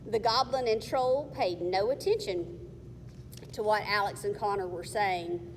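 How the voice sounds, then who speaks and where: A woman reading a children's novel aloud in a careful, measured way. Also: mid-range voice. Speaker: narrator. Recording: faint long reverb, faint hiss.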